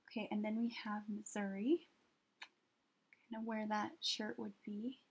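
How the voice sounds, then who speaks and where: Slow, patient woman teaching a drawing lesson. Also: medium pitch, flat delivery, breathy edge. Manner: slow, patient, gently encouraging. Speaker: art teacher. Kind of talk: step-by-step drawing lesson for children.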